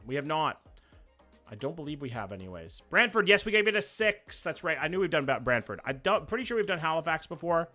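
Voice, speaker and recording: A man, chatting casually and quickly as he reacts to places live on stream and talks to his chat. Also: on the high side, very animated, sharp tone, faint music behind. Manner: fast, casual, swears freely.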